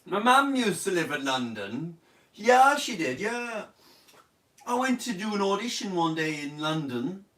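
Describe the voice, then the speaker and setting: A man's voice: sits high, big pitch swings, a little slow, fairly bright tone. Young man, Irish accent, casual live chat, jokey and boastful, echoey room, off-mic. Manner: jokey and boastful, reading out viewer comments. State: sick in bed. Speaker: online comedian hosting a live Q&A. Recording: roomy sound, distant from mic.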